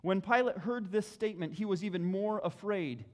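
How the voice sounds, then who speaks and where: A man preaching an expository sermon, reading scripture dramatically with emphatic bursts and slow pauses. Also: high voice, in a large hall.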